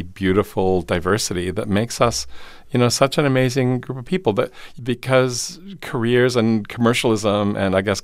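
A man who teaches theater and voice, a guest in a studio interview, talking in an animated way with sudden jumps up in pitch for emphasis and easy laughter. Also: no room sound.

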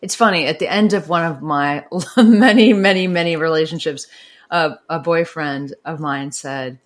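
A woman's voice: sits low, moderate pace. A woman author and advice columnist answering interview questions in a thoughtful, rambling way with frequent restarts.

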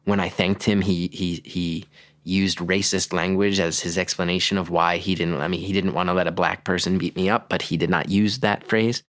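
A man's voice: deep voice, flat delivery, moderate pace, fairly bright tone, dry recording, studio quality. A man from New Jersey, a podcast guest, answering candidly and reflectively with some restarts. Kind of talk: interview answers.

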